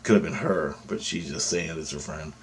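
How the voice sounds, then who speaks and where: A rumbling low male voice, at a moderate pace with a faint hiss or hum in the background, belongs to a vlogger relating his own experiences. He wanders through the story with restarts and fillers, animatedly voicing other people's quotes.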